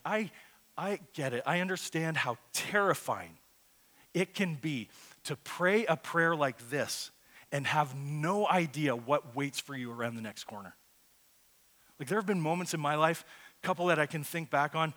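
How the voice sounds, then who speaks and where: Bright-voiced earnest male preacher. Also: a little high. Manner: earnest, conversational preaching that swells to loud emphatic peaks. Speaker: pastor. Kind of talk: sermon.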